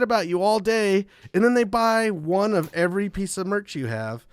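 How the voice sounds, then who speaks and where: A man guest on a casual podcast spins rambling, profanity-laced tour stories, breaking into laughter often. His voice sits a bit high for a man, and the recording is dry and close with no room echo. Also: normal speed, clear, resonant tone. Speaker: podcast guest, metal musician.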